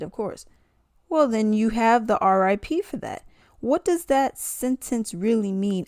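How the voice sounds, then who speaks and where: A woman's voice: mid-range voice, lively intonation, a little slow, darkish tone, dry recording, clean studio sound. A woman giving casual commentary, reading posts aloud and questioning the wording. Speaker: commentary vlogger.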